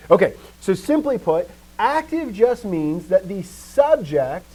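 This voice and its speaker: Lively male teacher with a higher voice. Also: moderate pace, husky, rough recording. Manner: lively, asks questions and answers himself. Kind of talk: live classroom lesson.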